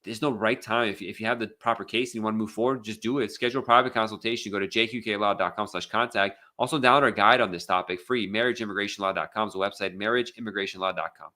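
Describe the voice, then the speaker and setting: A man's voice: lowish voice, fairly even intonation, fast talker, hardly any pauses, sharp tone. An American man hosting a live legal Q&A, speaking casually with many fillers and restarts. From United States. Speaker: immigration attorney hosting a live Q&A. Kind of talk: casual live Q&A, reading viewer questions.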